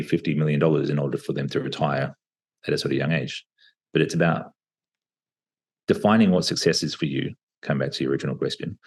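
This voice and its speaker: A man in his thirties, a podcast guest talking reflectively over a video call, with plenty of pauses and fillers. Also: extremely low pitch, husky. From Australia. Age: 30s. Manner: reflective, hesitant with many fillers. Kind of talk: casual interview talk.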